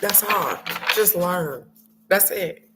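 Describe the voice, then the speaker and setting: A woman hosting a casual livestream, talking loud and fast with slang, swearing and lots of laughter. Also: lowish voice, expressive, very noisy. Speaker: spiritual card reading host. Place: on a trip abroad.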